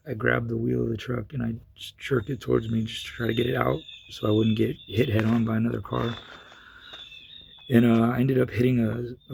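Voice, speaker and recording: A man speaking in a rough, gravelly voice with heavy fry, the tone deeply husky and worn. He recounts a personal story in a loose, rambling vlog manner, full of fillers and restarts. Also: a little mellow. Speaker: vlogger. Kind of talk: casual storytelling.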